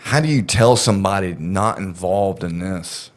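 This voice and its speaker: A man's voice: low voice, moderate pace. A man casually telling a story on a podcast, rambling and profane, with lots of fillers.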